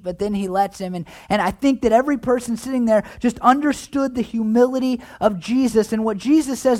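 A man preaching a sermon as pastor, earnest, often restarting words and dropping quiet at the ends of phrases. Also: high voice, fairly quick, few pauses. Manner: acts out quoted voices, drops quiet at phrase ends.

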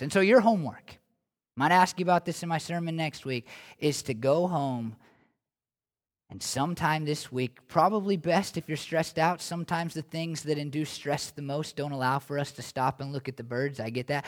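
A man's voice: a little high, moderate pace. A man preaching a sermon in a casual, conversational way, then leading a prayer, with emphatic rises. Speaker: pastor.

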